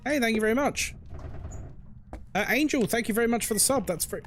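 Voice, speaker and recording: A young man streams a game live and chats loosely with viewers. His voice sits a little high and swings widely in pitch as he reacts. The talk is relaxed and conversational. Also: moderate pace, pauses often, soft background music. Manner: chatty, reads chat aloud and reacts to the game. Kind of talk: casual live-stream chat while gaming.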